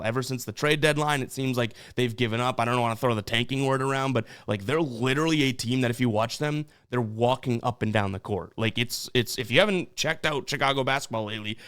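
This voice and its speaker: A man's voice: medium pitch, a bit bright, clean tone. A young man hosting a sports betting show, casually talking through picks with loose fillers and restarts.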